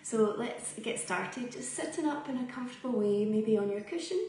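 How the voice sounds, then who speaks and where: A woman leads a yoga practice in a slow, soothing voice, leaving long pauses between cues. Her tone is mellow and a little high. She sits some way from the mic in a very echoey room, with faint ambient sound behind her. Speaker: yoga teacher. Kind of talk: guided yoga and breathing instruction. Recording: roomy echo, voice from a distance.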